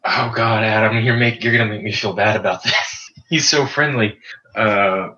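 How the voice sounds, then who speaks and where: A man playing a tabletop game, relaxed with a dry sense of humor. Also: fairly low pitch, normal speed. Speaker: player. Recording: roomy, dull lo-fi mic with faint hiss.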